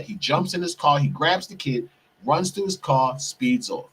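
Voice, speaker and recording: A man's voice: mid-range voice, animated, moderate pace, fairly bright tone, a little hiss or hum. A man hosting a podcast, telling a heated personal story, profane and repeatedly calling out to his listeners as "people". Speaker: podcast host. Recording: distant mic, husky sound.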